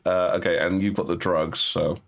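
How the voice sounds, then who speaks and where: A man narrating as game master of a tabletop game, halting with fillers and restarts. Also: low voice, level tone, vocal fry.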